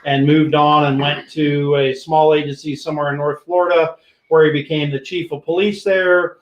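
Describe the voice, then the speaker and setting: An older man, a retired police sergeant, hosting a podcast and telling an animated, profane story that acts out what people said. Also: on the high side, moderate pace, roomy sound, lo-fi sound. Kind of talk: casual storytelling.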